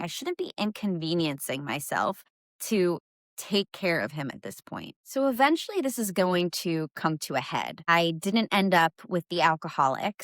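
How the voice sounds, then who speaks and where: A woman's voice: fairly low pitch, a bit bright, no room sound, clean studio sound. A young adult woman hosting a podcast, telling a personal story in a candid, conversational way with casual fillers. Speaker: podcast host.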